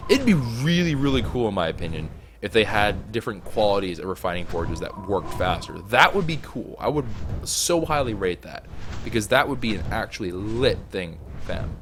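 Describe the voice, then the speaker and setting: A young man casually commenting on his gameplay, joking and complaining, sometimes pleading loudly. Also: fairly low pitch, moderate pace, over music. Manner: animated, joking, swings to loud pleading. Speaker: gaming YouTuber.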